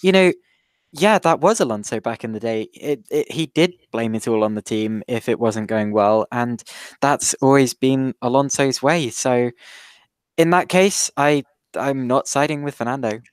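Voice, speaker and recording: A man's voice: medium pitch, moderate pace, clean tone, no echo. A man co-hosting a casual podcast, arguing his point while thinking aloud. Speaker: podcast co-host. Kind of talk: casual opinion chat.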